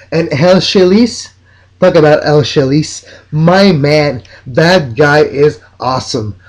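A man from Mexico, hosting a solo soccer podcast in an enthusiastic, opinionated, rambling way. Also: mid-range voice.

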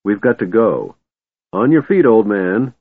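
A man's voice: lowish voice, very animated, a little slow, husky, no echo, full character voice. A man voicing a tired, impatient male leader who speaks curtly, on a tinny, dry recording. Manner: curt, impatient.

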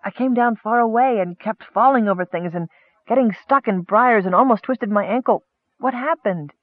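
Casting: a man doing a weepy, anxious young kender, light higher voice, tinny phone-like sound. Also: normal speed, dry recording. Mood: pleading. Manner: pleading, voice breaking.

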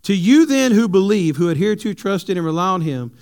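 A male pastor, preaching a sermon with animated, humorous stories for his congregation. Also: sits high, brisk, clear, resonant tone. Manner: animated storytelling, jokes with the congregation.

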